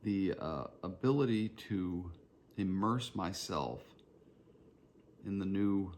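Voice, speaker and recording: A man's voice: sits low, animated, takes it slowly, darkish tone, a little hiss or hum. A man with a Southern Georgia accent, hosting his own podcast in a reflective, rambling solo monologue. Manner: reflective, meandering, personal storytelling. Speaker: podcast host.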